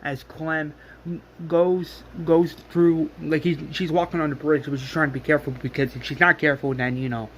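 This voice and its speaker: A man's voice: fairly high pitch, flat delivery, moderate pace, fairly bright tone, slight background noise. A man casually recapping a story scene by scene, rambling with many fillers and restarts. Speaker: fan retelling a story.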